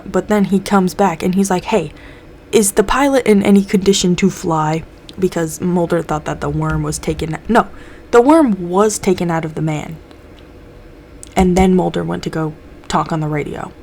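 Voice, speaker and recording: A young woman chats through a TV episode recap in a loose, profane way, jumping into the characters' lines as she goes. Her voice sits a little low, and a faint hiss of background noise runs under it. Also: normal speed, pauses often, darkish tone. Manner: loose, swears a lot, acts out characters' lines. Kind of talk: casual recap chat.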